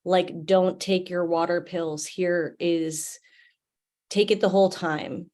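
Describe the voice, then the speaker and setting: A woman's voice: on the low side, steady tone, slow pace, darkish tone. A woman veteran and mother on a panel, chatting casually over a video call and saying "like" often.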